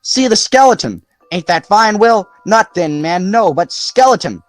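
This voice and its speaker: A man reading aloud, voicing an excitable, restless thirteen-year-old boy who talks eagerly and breathlessly. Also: high voice, a little slow, no echo, voice pushed up. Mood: awed.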